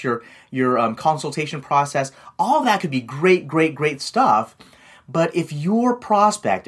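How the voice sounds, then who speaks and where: A man's voice: fairly high pitch, fairly bright tone, slightly rough. A man hosting a marketing tip video, talking casually in a rambling, hesitant way with frequent chuckles. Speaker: marketing vlog host.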